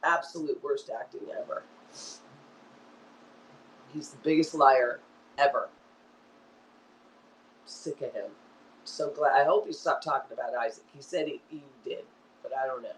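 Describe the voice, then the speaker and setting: A woman's voice: a bass voice, a little slow, pauses often, reverberant, recorded from a distance, a little hiss or hum, rough recording. Angry 50s woman ranting on stream. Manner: angry, repetitive, swearing. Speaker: online show host. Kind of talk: emotional livestream rant.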